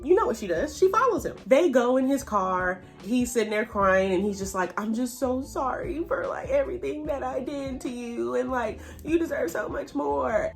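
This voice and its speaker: Chatty woman recapping reality TV. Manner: chatty and animated, reenacts quotes with pitch jumps. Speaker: YouTube TV recap host.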